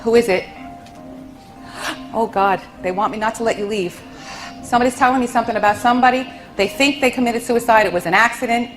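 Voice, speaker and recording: A woman's voice: a little high, brisk, faint music behind, low-quality recording. Soothing woman medium addressing an audience. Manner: soothing, calls people honey and sweetheart. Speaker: psychic medium. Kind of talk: stage reading for an audience.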